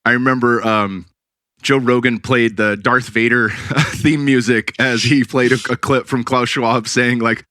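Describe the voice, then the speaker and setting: Blunt, bright-voiced male podcast host. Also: medium pitch, unhurried, dry recording, studio quality. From California Bay Area, USA. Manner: blunt, swears freely, animated opinions. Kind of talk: casual podcast conversation.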